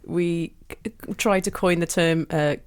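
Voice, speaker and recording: A woman hosting a podcast in casual chat, chatty and quick to laugh and correct herself. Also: lowish voice, fairly even intonation. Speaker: podcast host. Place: podcast studio.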